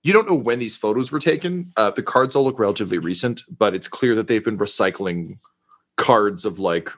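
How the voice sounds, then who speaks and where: A man running a tabletop game, narrating scenes in a loose, joking way full of ums and uhs. His voice sits on the low side. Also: a little fast. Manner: rambling, filler-heavy, jokey. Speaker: game master.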